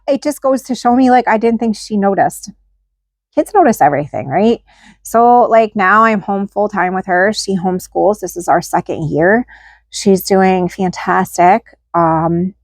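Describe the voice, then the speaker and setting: With a medium-pitched voice and dry, studio-quality sound, a woman hosting her channel chats candidly to camera. Her talk is frank and informal, peppered with "like" and "right?" at the ends of lines.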